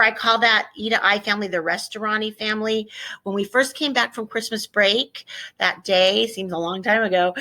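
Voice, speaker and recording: A woman teacher recording a vocabulary lesson for her students, lively and coaxing, repeating each word as a drill. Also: mid-range voice. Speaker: Spanish teacher.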